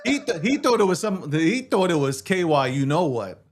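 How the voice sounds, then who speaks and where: A man hosting a casual show, joking and ribbing his co-host crudely, often rising to shouts. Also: fairly high pitch, very animated, moderate pace, a little hiss or hum.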